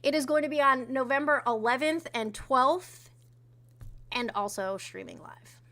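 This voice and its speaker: A woman's voice: high voice, unhurried, fairly bright tone. A woman co-hosting a casual livestream, talking offhandedly with frequent swearing and reading out viewer messages. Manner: profane, offhand, reads out chat messages. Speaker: co-host.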